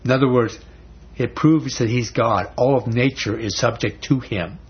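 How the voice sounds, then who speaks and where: A man's voice: medium pitch, moderate pace. A man teaching a Bible study in a conversational, folksy way, often restarting words. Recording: dull lo-fi recording.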